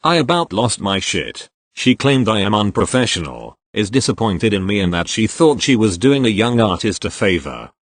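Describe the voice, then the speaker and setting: A man reading posts aloud in a lively, expressive way. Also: fairly low pitch, normal speed, few pauses, dry recording. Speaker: narrator reading Reddit posts.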